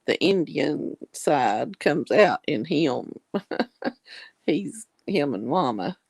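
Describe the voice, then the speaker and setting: A woman's voice: sits low, creaky, darkish tone, husky, no room sound. A woman, chatting casually on a video call in a folksy, drawling way. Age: 60s. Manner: chatty, folksy, yawning and laughing.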